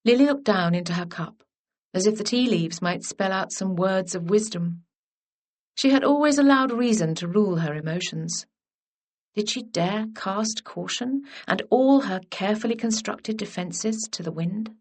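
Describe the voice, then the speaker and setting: A woman reading a historical romance as scripted narration in an even, measured way. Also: medium pitch. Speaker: audiobook narrator.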